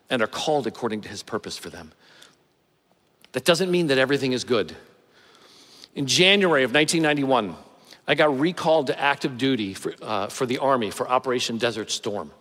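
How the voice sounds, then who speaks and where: A middle-aged male pastor preaching a sermon with measured, emphatic pauses. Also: medium pitch. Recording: long hall reverb.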